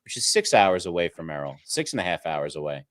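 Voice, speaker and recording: Man, lowish voice, rambling and enthusiastic, dry close sound. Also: sing-song, quick pace, fairly bright tone, no room sound. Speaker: podcast host. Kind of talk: casual sports debate.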